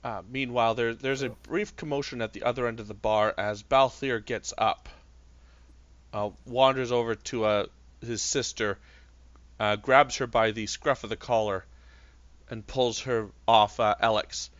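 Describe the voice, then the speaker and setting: A man's voice: mid-range voice, steady tone, measured pace, fairly bright tone, dry recording. A man narrating as game master, hesitant and full of fillers, also voicing characters. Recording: dull dry sound.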